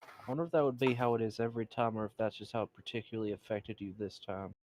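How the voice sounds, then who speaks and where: A man's voice: fairly low pitch, fast, darkish tone, a little hiss or hum. A man playing a tabletop game in a matter-of-fact way with dry humor. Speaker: player.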